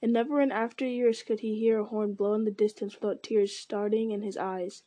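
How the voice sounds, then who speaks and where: A woman reading an audiobook in a measured narrating voice, with occasional slips. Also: medium pitch, steady tone, mellow.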